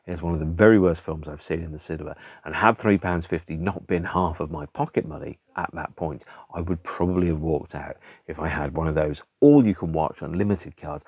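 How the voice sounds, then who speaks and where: Deep-voiced man ranting about films. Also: no echo, clean studio sound. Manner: exasperated, ranting, swears for emphasis; lively, emphatic rhetorical questions. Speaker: podcast host reviewing films. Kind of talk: casual chatty film review.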